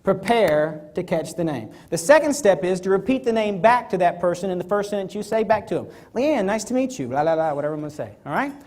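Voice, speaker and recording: This man is a motivational speaker addressing a live audience from the stage. His high-pitched voice races along with hardly any pauses, and he animatedly acts out little scenes throughout.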